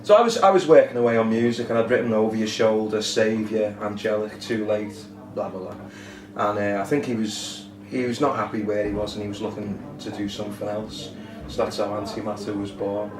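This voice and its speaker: A man being interviewed backstage, relaxed and joking with dry humour. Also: fairly low pitch, fairly quick. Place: backstage at a music club. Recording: roomy, distant, noisy room.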